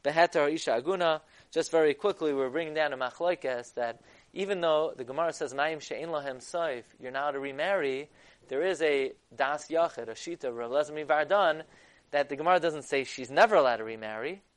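A Torah lecturer with a voice on the high side talks a little fast in a text-study lecture. He reads Hebrew sources and explains them in English, getting loud and emphatic at key points.

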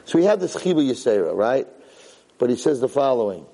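A man teaching a Torah class, animated, jumping high when he acts out a yelling parent. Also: a little fast, vocal fry. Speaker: Torah lecturer. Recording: long hall reverb.

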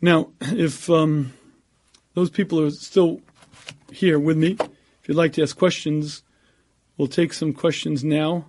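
A man giving an earnest Torah lecture as a rabbi, often clearing his throat, then reading out audience questions. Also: fairly high pitch, steady tone, slow, long pauses, darkish tone.

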